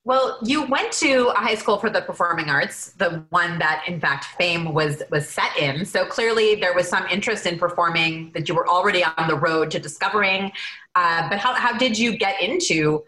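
Bright, enthusiastic woman co-host. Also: fairly low pitch, moderate pace. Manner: enthusiastic and gushing. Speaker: podcast co-host. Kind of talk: casual chat. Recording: echoey room.

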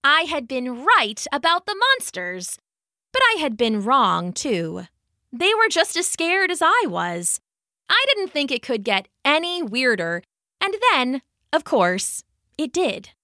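A woman gently narrating a children's bedtime story with expressive delivery. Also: sits high, takes it slowly, no room sound, studio quality.

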